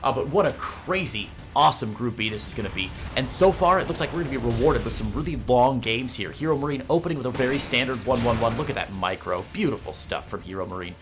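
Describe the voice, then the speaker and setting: A man's voice: medium pitch, expressive, fast talker, few pauses, over music. A man with a Midwestern American accent casting an esports match, chatty and joking. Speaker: esports caster. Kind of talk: play-by-play commentary.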